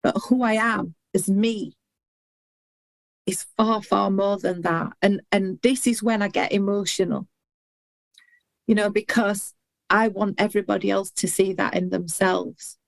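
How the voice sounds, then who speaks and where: A woman's voice: mid-range voice, steady tone, gravelly, no echo. Earnest middle-aged woman, dry close sound. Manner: earnest and heartfelt, halting restarts. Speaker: guest, intuitive healer and hypnotherapist. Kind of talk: candid podcast conversation.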